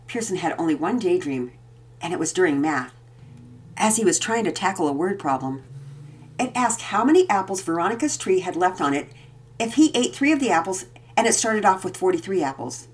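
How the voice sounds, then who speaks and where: A woman reading a children's story aloud, with gentle, expressive storytelling. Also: lowish voice, brisk, husky. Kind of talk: storybook read-aloud narration.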